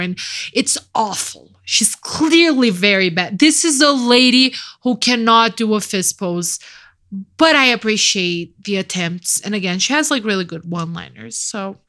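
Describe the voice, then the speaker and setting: A woman co-hosting a podcast, rambling and animated in casual movie review chat, swearing casually and laughing often. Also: mid-range voice, a little slow. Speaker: podcast co-host.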